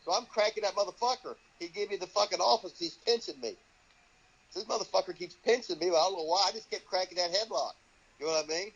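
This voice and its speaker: An older wrestling trainer tells profane stories in an interview, swearing constantly and acting out the voices of people he quotes. He talks fast in a high, fairly bright, slightly rough voice. The recording is dull, lo-fi audio.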